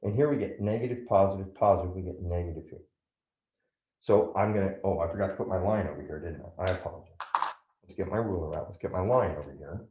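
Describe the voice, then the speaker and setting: A man's voice: low voice, quick pace, echoey room, highs cut off. A man teaching a math lesson step by step, often checking in with "right?". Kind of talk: classroom lecture at a whiteboard.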